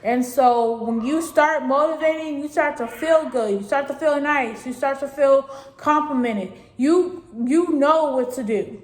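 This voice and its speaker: A teenage girl talks straight to her viewers, circling back over the same points in an earnest, rambling way. Her voice sits a little high, and the room around her gives it a noticeable echo. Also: unhurried. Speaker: vlogger giving advice. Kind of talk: casual spoken advice. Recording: echoey room.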